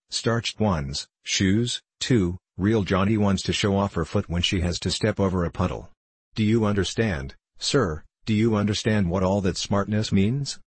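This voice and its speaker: A man's voice: fairly low pitch, breathy edge, dry recording. A man voicing a drunken, self-pitying middle-aged former clerk in an audiobook, rambling and pleading, rising to fervent declaiming. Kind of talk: audiobook character reading.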